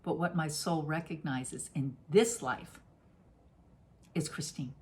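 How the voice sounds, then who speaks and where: A woman's voice: low-pitched, slow pace, darkish tone. A middle-aged woman giving a casual, effusive spoken oracle card reading, playful and given to sudden exclamations. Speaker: spiritual reader.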